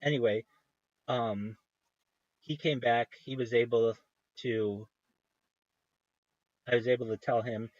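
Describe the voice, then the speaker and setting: A man's voice: mid-range voice, fairly even intonation, slow pace, pauses often, no room sound. Guy rambling on his stream, keeps cutting himself off, kinda muffled lo-fi audio, dead dry room. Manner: meandering, self-interrupting, enthusiastic. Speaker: livestream host. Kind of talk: casual rambling livestream chat.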